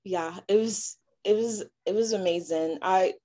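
A young woman from Nigeria, giving a halting personal testimony full of fillers and restarts. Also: mid-range voice, warm tone. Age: young adult. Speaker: interviewee.

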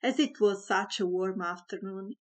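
A woman's voice: mid-range voice, moderate pace. A woman reading a comic story aloud, with a wry, mock-dramatic narration.

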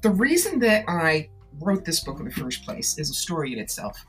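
Low-voiced woman, emphatic storyteller. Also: moderate pace. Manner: animated storyteller, emphatic and persuasive. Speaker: author and psychic tarot reader. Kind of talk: interview conversation.

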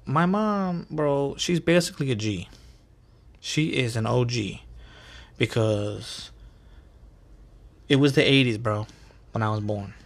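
A man's voice: medium pitch, a bit bright. A man in his thirties with a New York accent, hosting a podcast and telling stories in a chatty, profane manner with bro slang. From New York City, USA. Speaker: podcast host. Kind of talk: casual storytelling monologue.

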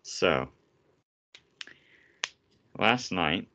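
A man's voice: low-pitched, expressive, drawn-out words, sharp tone, lo-fi sound. A young man hosting a casual podcast, ranting sarcastically and swearing often. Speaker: podcast host.

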